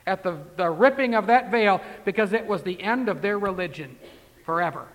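A man's voice: sits high, normal speed, fairly bright tone. A man preaching a sermon in a folksy, conversational way, full of rhetorical questions and asides. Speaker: pastor. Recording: long hall reverb.

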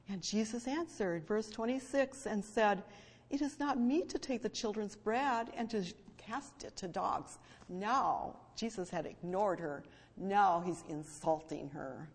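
A woman's voice: medium pitch, a little slow. Female preacher, emphatic sermon delivery, reverberant sanctuary sound. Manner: emphatic, swings between hushed and loud fervent stress. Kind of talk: sermon with scripture reading. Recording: long hall reverb.

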